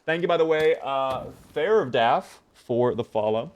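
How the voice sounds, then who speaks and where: A man's voice: mid-range voice, expressive, unhurried, muffled recording. A man streaming a video game live, chatting casually and answering viewer messages as he plays.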